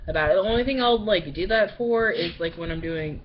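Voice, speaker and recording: A woman's voice: fairly low pitch, brisk, a little hiss or hum. A young woman from Baltimore chatting casually to her webcam, rambling with lots of "like"s and laughs. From Baltimore, Maryland. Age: young adult. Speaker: vlogger. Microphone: built-in webcam mic. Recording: dull lo-fi webcam audio.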